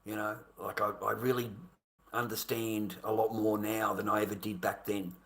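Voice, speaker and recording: A man's voice: fairly low pitch, flat delivery, normal speed, fairly bright tone. An Australian man in his fifties in a rambling, aggrieved monologue to camera, swearing and repeating himself. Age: 50s. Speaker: vlogger.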